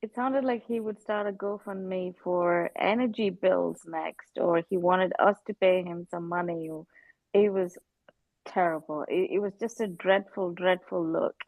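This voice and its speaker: A woman's voice: fairly low pitch, steady tone, unhurried, a little mellow, dry recording, poor audio. A woman giving her strong, indignant view in a casual live chat, repeating words for emphasis. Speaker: panelist.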